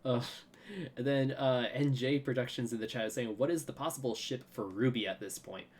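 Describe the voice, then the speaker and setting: A man's voice: mid-range voice, brisk, a little mellow. A man hosting a podcast in casual chat, telling stories and laughing often. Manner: chatty storyteller, laughs often. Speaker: podcast host.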